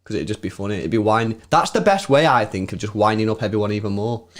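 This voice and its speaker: A young man co-hosting a live football watchalong, chatting casually in slang and rising sharply when excited. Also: on the low side, fast. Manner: laid-back slangy banter, rises sharply when excited. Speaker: watchalong co-host. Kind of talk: casual live-stream chat.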